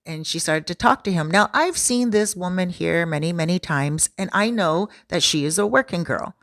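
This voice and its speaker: A woman's voice: fairly low pitch, moderate pace, fairly bright tone, no echo, clean studio sound. A woman who works as a relocation consultant, telling a casual, chatty storytime in a laid-back way.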